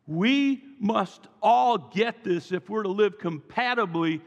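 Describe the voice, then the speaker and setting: A man's voice: high-pitched, slow pace, creaky. A male pastor preaching a sermon with emphasis and calling the congregation to repeat after him. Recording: long reverb from a large hall.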